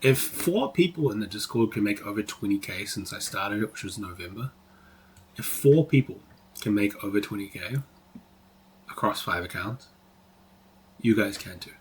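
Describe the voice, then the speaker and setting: A man's voice: lowish voice, lively intonation, normal speed, pauses often. A man teaching trading on a live stream, talking casually, swearing freely and saying "like" a lot. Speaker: trading educator.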